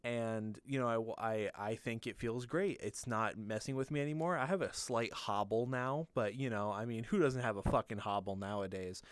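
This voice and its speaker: A man's voice: mid-range voice, moderate pace, few pauses, clean tone, no echo. A podcast co-host telling a long story in casual chat, rambling, swearing freely and laughing as he goes.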